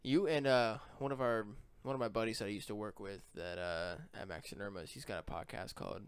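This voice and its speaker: A young man co-hosting a podcast, his voice smooth and resonant, recorded close and dry with no room sound. He talks in a loose, profane, joking way and laughs often. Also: fairly low pitch, fairly quick, dry recording. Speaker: podcast co-host. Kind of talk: casual chat.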